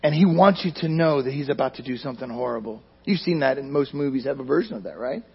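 A man preaching a sermon in a church, speaking emphatically and often sinking to near-quiet at the ends of phrases. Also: mid-range voice, lively intonation, fast, creaky, breathy edge. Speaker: pastor. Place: church sanctuary. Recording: dull lo-fi recording.

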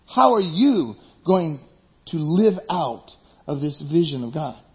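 A man's voice: fairly high pitch, sing-song, slow, highs cut off. A male pastor preaching a conversational sermon, joking and asking the listeners questions.

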